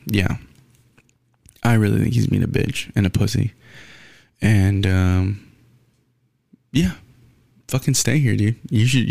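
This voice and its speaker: A man's voice: a little mellow, no echo, studio quality. A man giving a blunt, profane, rambling sports rant in casual talk, full of restarts. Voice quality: gravelly, low.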